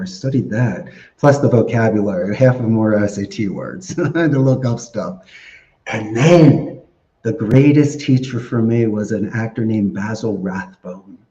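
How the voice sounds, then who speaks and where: A man giving animated, story-filled interview answers and laughing often. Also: lowish voice. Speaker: podcast guest. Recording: echoey, dull lo-fi sound.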